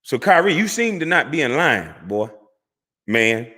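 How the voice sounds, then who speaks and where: A man's voice: on the high side, big pitch swings, unhurried, pushed and bright, slightly rough. A man, a former pro athlete, delivering a heated, profane, preachy rant to camera that repeats words for emphasis. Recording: long hall reverb.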